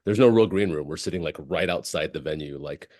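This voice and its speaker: Comedian guy in his 40s, low voice, rattles off stories with lots of likes. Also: fairly quick, a little mellow, no echo, clean studio sound. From United States. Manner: rambling storyteller, many likes and restarts. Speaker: comedian guest. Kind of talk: casual podcast interview.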